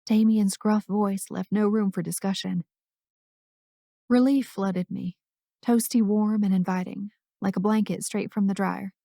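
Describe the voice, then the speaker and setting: A woman's voice: mid-range voice, steady tone, a little slow, creaky, warm tone, no room sound, studio quality. A woman narrating a first-person romance audiobook in an intimate, emotional reading.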